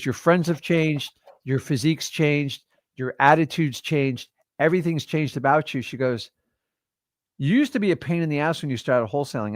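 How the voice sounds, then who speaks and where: Here a livestream host in his fifties addresses his audience head-on, preaching casual motivation at them. He has a medium-pitched, slightly bright voice, captured in studio quality with no room sound.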